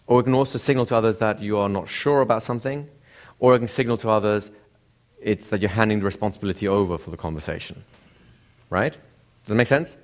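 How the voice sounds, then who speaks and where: A man teaching a class, who keeps asking the room questions and acts out examples of speech intonation. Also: mid-range voice. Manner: asks the room frequent rhetorical questions. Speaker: instructor. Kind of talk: classroom lecture.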